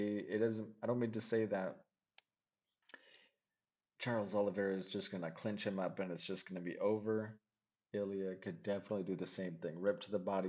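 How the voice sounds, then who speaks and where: Low-voiced man rambling through fight picks. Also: dull audio. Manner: rambling, second-guesses himself out loud. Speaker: MMA fight picks vlogger. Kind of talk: casual fight predictions.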